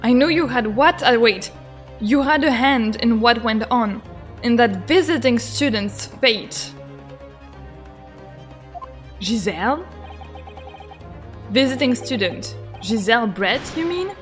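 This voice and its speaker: A young woman streaming a game, reading dialogue aloud and reacting excitably with stammers and shrieks. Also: a little high, slow pace, long pauses, faint music behind. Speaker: gaming streamer. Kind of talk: let's play commentary with voiced lines.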